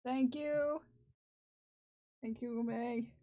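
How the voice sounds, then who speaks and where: A woman's voice: on the high side, fairly even intonation, extremely slow. A woman streaming live, chatting casually with her viewers while working on a crafting project, laughing and talking to herself. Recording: slightly dull lo-fi stream audio.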